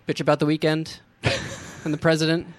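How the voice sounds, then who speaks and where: Sardonic male radio co-host, smooth voice. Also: on the high side, monotone, normal speed, no room sound. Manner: sardonic, wry, laughs often. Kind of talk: casual radio banter.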